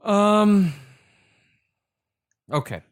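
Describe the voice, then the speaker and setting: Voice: mid-range voice, expressive, extremely slow, smooth, dry recording, studio quality. A podcast co-host chatting casually, playful and hesitant, with many fillers. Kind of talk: casual chat.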